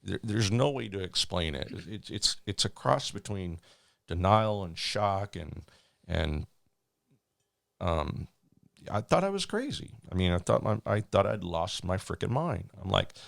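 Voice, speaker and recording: A man working as a flight attendant, telling a story in a rambling, animated way with many restarts. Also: sits low, a little slow, creaky, no room sound. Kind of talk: casual storytelling.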